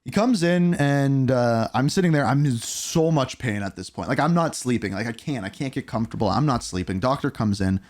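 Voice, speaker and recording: Animated man telling a storytime vlog. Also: medium pitch, brisk, hardly any pauses. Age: 30s. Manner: candid, animated storytelling with profanity. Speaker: YouTuber.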